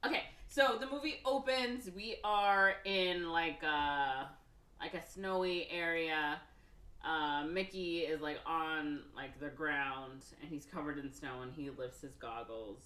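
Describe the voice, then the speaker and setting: Woman, casual podcast chat, fillers galore, lowish voice, echoey room. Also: slow pace, bright, forceful tone. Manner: rambling retelling with lots of fillers and acted-out quotes. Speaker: podcast co-host recapping a film.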